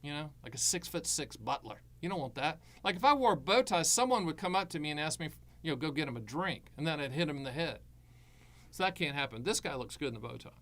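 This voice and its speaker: A man hosting a live stream on annuities, giving blunt, sarcastic and animated advice full of jokes. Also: fairly high pitch, fast.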